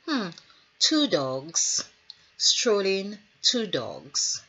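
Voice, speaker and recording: A woman voicing a dry, unbothered man in court, who speaks low, flat and understated. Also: extremely slow, vocal fry, exaggerated voice. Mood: musing. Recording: dull lo-fi recording.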